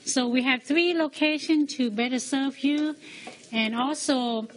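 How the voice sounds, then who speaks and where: A woman with a slightly high voice walks through how a dish is made, speaking earnestly and stopping now and then to find the next word. Food sizzles loudly in a pan behind her in a studio kitchen. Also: slight background noise. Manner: plain, earnest explaining with pauses. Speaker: restaurant owner. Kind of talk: on-air cooking demonstration.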